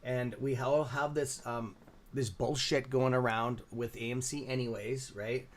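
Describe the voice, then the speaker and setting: A man's voice: medium pitch, steady tone, a little slow. Tired Canadian man hosting a trading stream. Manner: rambling, many fillers and restarts, reading chat names aloud. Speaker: livestream stock trading host. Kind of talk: casual live-stream commentary.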